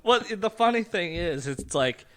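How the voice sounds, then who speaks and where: A man's voice: high-pitched, expressive, a little slow. A man co-hosting a podcast, chatting casually with short, laid-back replies. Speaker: podcast co-host. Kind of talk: casual chat.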